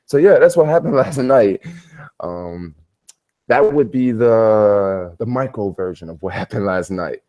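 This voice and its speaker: A man's voice: on the low side, animated, unhurried, warm tone, highs cut off. A man chatting casually on a livestream from his hotel bedroom, telling stories in a rambling, slangy way. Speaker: travel vlogger.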